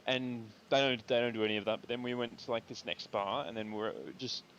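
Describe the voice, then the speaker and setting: A young Australian guy chats casually while gaming on stream, spinning a long, slangy story packed with swearing. His mid-range voice is fairly bright and fairly quick with fairly even intonation, and the recording has a noisy background and cut-off highs.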